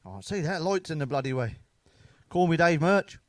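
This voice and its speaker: Brief: middle-aged bloke, sweary stand-up storyteller, slightly high voice, dry close sound. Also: male voice, expressive, moderate pace, dry recording. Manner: sweary, blunt, laughing at his own jokes. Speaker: stand-up comedian.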